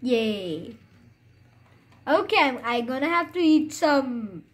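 A woman giving live, chatty gameplay commentary, excitable and full of fillers. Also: a little high, unhurried. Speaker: gamer.

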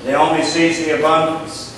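High-voiced man preaching in echoing church. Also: flat delivery, measured pace, far from the mic, slight background noise. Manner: preaching with rhetorical questions, dropping low and quiet at line ends. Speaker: pastor. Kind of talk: sermon. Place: church sanctuary.

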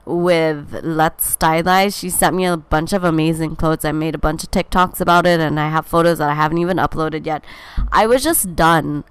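A young woman rambles through a casual podcast from home, tired and candid, her talk full of fillers and restarts. Her voice is smooth and slightly low. The recording is dry and close. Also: moderate pace, no echo. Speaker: podcast host.

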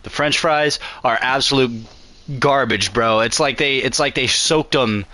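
A man's voice: mid-range voice, a little slow, bright, forceful tone. A young man chatting casually while gaming, slangy and laid back, saying bro and dude a lot. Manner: slangy, says bro and dude often, laughs.

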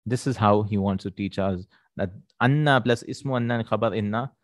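Male Arabic teacher, lowish voice, dry recording; patient explainer who repeats terms and checks for understanding. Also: no echo. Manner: checks in with "right?" and "hmm?", repeats Arabic words slowly. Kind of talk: explaining a textbook lesson.

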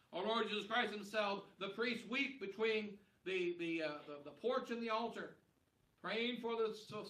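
A man's voice: high voice, a bit bright. A man preaching a sermon at Mass, with emphatic repetition. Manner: emphatic repetition, rising and falling for stress. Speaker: priest preaching at a Solemn High Mass. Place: large church. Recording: echoey church heard from a distance.

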